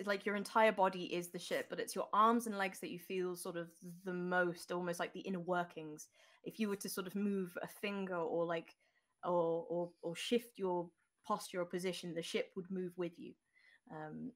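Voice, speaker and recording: A woman game master narrating an online tabletop game in a loose, descriptive way, thinking aloud as she goes. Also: on the low side.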